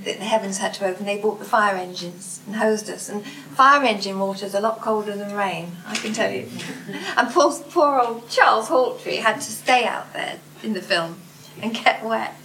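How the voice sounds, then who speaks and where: A woman's voice: medium pitch, a bit bright. Older woman, laughs a lot, roomy recording, faint background noise. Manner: chatty, laughs often, acts out quoted voices. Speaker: guest actress. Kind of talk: anecdotal stage talk. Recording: roomy hall, distant mic, faint noise.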